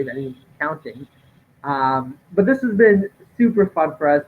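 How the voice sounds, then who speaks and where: A man co-hosting a casual live stream from home, chatting in a relaxed way with frequent fillers. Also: a little high. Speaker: co-host of a live draft stream. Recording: tinny lo-fi stream audio with faint noise.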